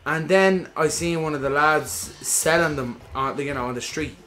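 A man's voice: on the high side, normal speed. Guy, game-stream co-host, loose and sweary, acts out every quote. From Ireland. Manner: swears freely, animated storytelling with acted-out quotes. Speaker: gaming podcast co-host. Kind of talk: casual chat while playing a game.

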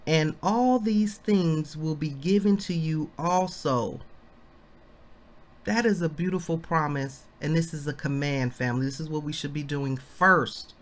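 A woman leading a Bible study, reading commentary aloud slowly and breaking into excited exclamations, calling her listeners family. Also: low voice. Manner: slow and deliberate, bursts into excited exclamations; addresses listeners as family, asks them questions.

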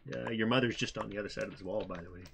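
A man's voice: on the low side, fairly even intonation, racing, gravelly, noisy background. A middle-aged man, a father hosting a casual gameplay commentary with his daughter, goofy and playful, slipping into sing-song chants. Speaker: host.

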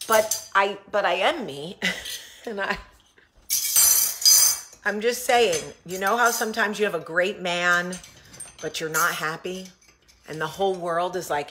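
A woman's voice: lowish voice, a little slow, reverberant, noisy background. A woman, hosting a casual chat to camera in a rambling, blunt, swearing way in her kitchen. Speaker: vlogger, show host.

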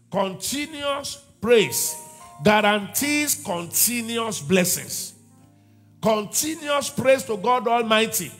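A man's voice: sits high, a bit bright. A man preaching a sermon as pastor of a church, emphatic and repeating his key phrases.

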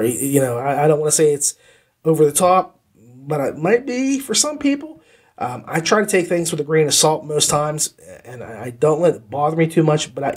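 A man with a husky, slightly raised voice talks through an audiobook review like a casual chat. He sounds enthusiastic, drifts into asides and doubles back on words to stress them. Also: a little high. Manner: enthusiastic, repeats words for emphasis; rambling, conversational asides. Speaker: podcast host reviewing audiobooks.

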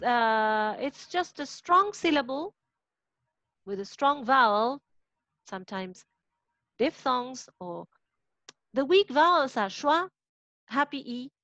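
A woman's voice: high-pitched, lively intonation, takes it slowly, pauses often, fairly bright tone, no echo, lo-fi sound. A woman with an Argentine Spanish accent, a native Spanish speaker, giving a patient online phonetics lecture and often checking in with her students. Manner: patient, explanatory, checks understanding with "right?".

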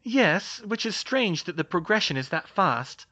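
A clever young witch, put on by a male reader in a storybook reading, her voice lifted above his own and full of lively rises and falls. She lays out her reasoning in a brisk, matter-of-fact way. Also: high voice, lo-fi sound, pitched above the performer's own voice, full character voice. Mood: analytical. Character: young woman, quick-minded witch, analytical.

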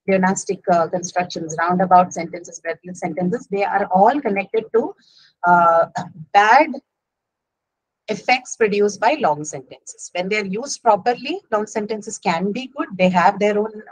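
A woman's voice: mid-range voice, no room sound, poor audio. A woman with an Indian English accent, teaching an online English writing class. She explains patiently and often checks in with "right?" and "okay?". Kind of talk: online lecture.

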